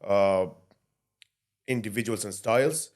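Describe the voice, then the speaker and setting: A man hosting a casual podcast interview, soft-spoken, often trailing off and restarting his questions. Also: on the low side, a little slow. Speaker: podcast host.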